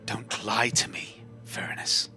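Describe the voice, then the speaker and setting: A man voicing a vengeful, disembodied female machine spirit in a whispered role-play, slow, cold and breathy. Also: pushed and bright, faint music behind. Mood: menacing whisper.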